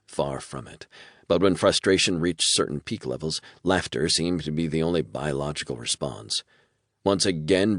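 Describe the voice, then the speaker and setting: A man narrating an audiobook in a measured, storytelling manner. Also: a bass voice, dry recording, studio quality. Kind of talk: scripted narration.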